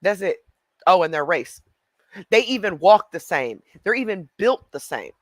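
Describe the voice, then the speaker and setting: A man's voice: high voice, big pitch swings, normal speed, dry recording. A man hosting a reaction video, chatting casually and talking straight to his viewers. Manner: chatty, addresses viewers directly.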